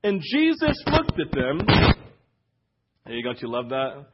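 A man's voice: mid-range voice, huge pitch swings, a little slow, muffled recording, heavy background noise. A man preaching a sermon as pastor in a conversational way, often checking in with the congregation. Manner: conversational preaching, frequent "right?" asides. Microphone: wireless church mic.

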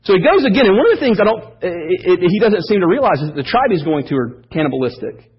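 A man preaching a sermon as pastor, telling stories in an animated, joking way. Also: high voice, quick pace, slightly rough. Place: church service. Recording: dull lo-fi sermon audio.

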